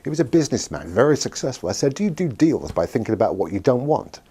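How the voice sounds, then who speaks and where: A man, a hypnotherapist telling a client story in a lively way and acting out both sides of the conversation. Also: mid-range voice, fast, slightly rough. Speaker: hypnotherapist and NLP practitioner. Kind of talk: anecdotal storytelling to camera.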